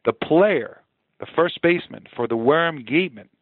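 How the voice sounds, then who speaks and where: A man in his forties, a former ballplayer, telling his story in an interview with earnest, animated energy and frequent repeated phrases. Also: a little high, moderate pace, slight background noise. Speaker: podcast guest, former baseball player. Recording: dry, narrow phone-like sound.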